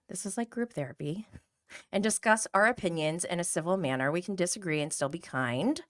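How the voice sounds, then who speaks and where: Chatty woman podcast host, lower voice. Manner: chatty, animated, laughs often, greets live chat viewers by name. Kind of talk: casual chat about reality TV.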